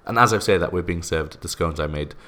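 A young man co-hosting a podcast, chatting casually and laughing often in quick bursts. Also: low voice, sharp tone. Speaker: podcast co-host and guest editor.

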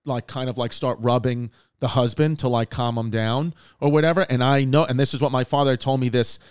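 New guy in his 30s rambling thru a story, lots of likes and swearing, smooth voice. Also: mid-range voice, steady tone, a little fast, dry recording, studio quality. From Queens, New York. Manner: rambling, with many fillers and profanity. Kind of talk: casual chat, storytelling.

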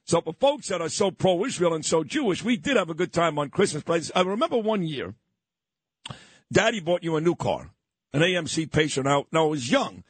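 A middle-aged man from Brooklyn, hosting a morning radio show and reminiscing in a sentimental, halting way. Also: on the high side, big pitch swings, slightly rough, no echo. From Brooklyn, New York. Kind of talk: radio talk show chat.

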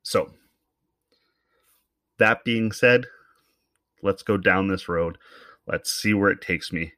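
A man's voice: low-pitched, slow, pushed and bright, no room sound. A man hosting a solo podcast, talking bluntly and with some swearing in an opinionated, rambling monologue into a podcast microphone. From Canada. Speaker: podcast host.

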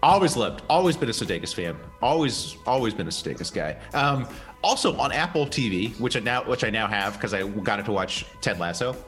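A man talks casually as a podcast co-host, with a voice that rises and falls a lot. He jokes around and lets his phrases sink low at the end. Faint music sits behind him. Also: fairly quick. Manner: animated, jokey, trails off low at phrase ends. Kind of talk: casual chat.

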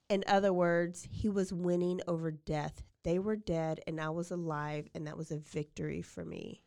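A woman's voice: lowish voice, steady tone, measured pace, few pauses, clear, resonant tone. A woman hosting a podcast, casually retelling a true-crime story with lots of fillers and acted-out quotes. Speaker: podcast host.

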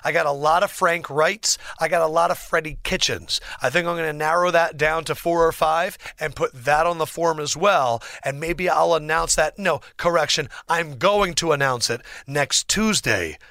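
A young man hosting a sports podcast as a lively solo monologue, theatrical and excitable, swinging between big outbursts and mock gloom. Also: fairly high pitch, moderate pace, vocal fry, hardly any pauses, dry recording. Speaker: podcast host. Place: podcast studio.

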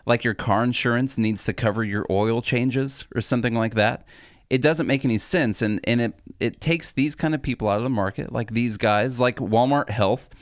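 A man's voice: mid-range voice, normal speed, no room sound. Podcast co-host, man, chatty and promotional, dry close sound. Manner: chatty, laughs easily, promotional sign-off. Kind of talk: casual political podcast chat.

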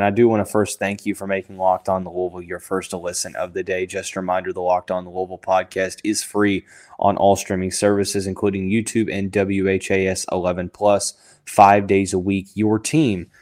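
A man's voice: sits low, monotone, a little fast, a little mellow. Man hosting a casual sports podcast. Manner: thinking aloud with many fillers and restarts. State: has the hiccups.

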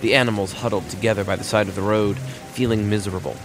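A man narrating a fairy tale for children in a lively, wry storytelling manner. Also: on the low side, fast talker, over music.

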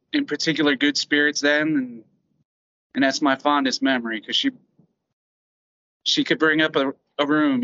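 Man, bright tense timbre, halting heartfelt memory, muffled lo-fi. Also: medium pitch. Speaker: friend sharing a memory. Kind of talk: casual memorial remembrance.

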